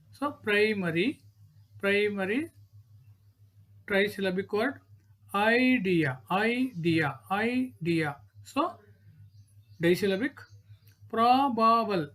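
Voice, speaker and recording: A woman with an Indian English accent teaching a grammar lesson, saying each word over and checking in with "right?" and "okay". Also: mid-range voice.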